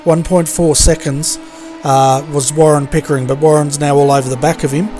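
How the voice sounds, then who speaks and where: A friendly man co-hosting a racing livestream, his voice a little higher than average as he jokes with the others. Clear music runs under his talk. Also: level tone, normal speed, dark tone. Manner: friendly, teasing banter. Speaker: co-commentator. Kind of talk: casual race commentary. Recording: background music on stream.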